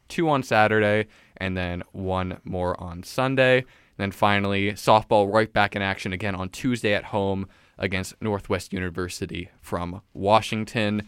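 A male sports host with a low, smooth voice, recapping games in a lively, casual manner. He laughs easily between results. The sound is dry and close. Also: moderate pace, no echo.

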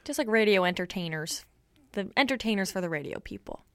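A woman's voice: medium pitch, animated, fairly quick, fairly bright tone, no room sound. Playful female radio co-host, dry mic. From Boston, USA. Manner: playful, jokey, laughs easily. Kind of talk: casual radio chat. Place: radio studio.

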